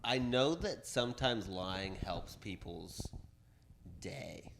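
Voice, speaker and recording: A man's voice: lowish voice, expressive, takes it slowly, creaky, a bit bright, a little hiss or hum. A man co-hosting a comedy podcast, telling confessional stories with laughs in casual chat. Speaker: podcast co-host.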